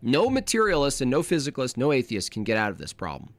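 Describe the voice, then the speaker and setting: A man's voice: mid-range voice, huge pitch swings, quick pace, no room sound. A man hosting a live reaction stream, arguing combatively and mocking his opponents, sometimes mimicking them in silly voices.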